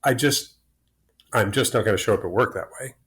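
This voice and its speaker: A man's voice: lowish voice, a little fast, fairly bright tone. A man in his sixties, a podcast guest telling personal stories openly, often restarting and repeating words. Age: 60s. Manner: open, rambling, repeats words. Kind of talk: candid conversational storytelling.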